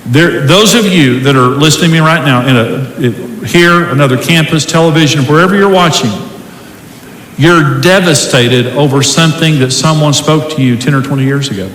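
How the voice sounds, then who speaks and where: Slightly high and a bit bright, this middle-aged man's voice moves at a normal pace over slight background noise. Preaching to a large church hall, he quotes scripture with emphatic, preacherly force, and the echoey recording carries faint ambience.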